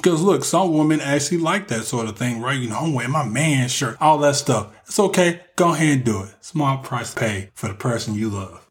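A man's voice: mid-range voice, expressive, brisk, hardly any pauses. A man giving casual relationship advice in a joking monologue, talking straight to the men listening.

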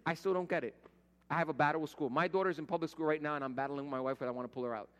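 Middle-aged male pastor, higher-pitched voice, chatty storytelling sermon style, long hall reverb. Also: racing. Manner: storytelling, conversational, acts out quoted voices.

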